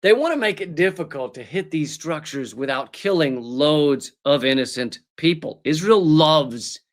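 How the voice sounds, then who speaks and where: A male comedy host with a high voice, tearing into his targets with biting sarcasm. He swings between mock outrage and dry put-downs in a scripted satirical monologue. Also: lively intonation, moderate pace. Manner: sarcastic, mocking, exaggerated asides. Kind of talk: satirical political commentary.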